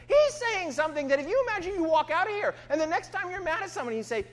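A woman's voice: very high voice, wildly swooping pitch, fast talker, few pauses. A woman preacher delivering a sermon in an emphatic way, often asking her listeners "right?". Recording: long hall reverb, faint hum.

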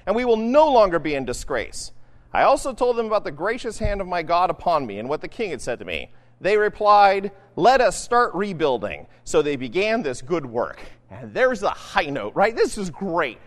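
A pastor with a high, sing-song voice preaches at normal speed in a casual, conversational style, repeatedly checking in with "right?" The sound carries a long reverb tail.

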